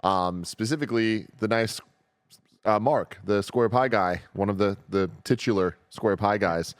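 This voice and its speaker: A man's voice: fairly low pitch, unhurried, clean tone, dry recording, studio quality. A man hosting a podcast in casual chat, giving upbeat, jokey introductions. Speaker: podcast host.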